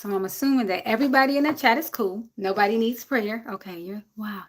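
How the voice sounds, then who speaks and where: On the high side and fast, a woman's voice comes through over a noisy background. She's a Jersey City, USA livestream host having a casual chat with her viewers and her dog.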